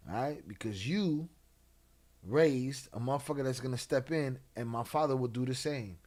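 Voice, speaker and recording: A man hosting a casual late-night livestream, laid-back and slang-heavy, reading chat and giving shout-outs. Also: mid-range voice, moderate pace. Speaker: livestream host.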